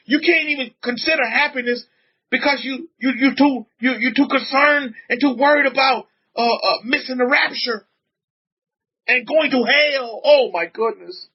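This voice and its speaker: A man's voice: normal speed, breathy edge. A man, a rabbi, preaching emphatically on a livestream, reading out chat comments and repeating his points. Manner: emphatic, repetitive preaching with frequent pitch swings. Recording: dull lo-fi audio.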